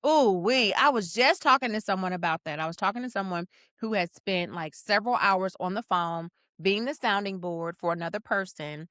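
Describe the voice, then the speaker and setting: A woman's voice: medium pitch, a little fast, clear, resonant tone, dry recording, clean studio sound. A woman co-hosting a podcast, chatting casually and telling stories that act out what people said. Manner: animated storyteller, acts out quotes. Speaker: podcast co-host.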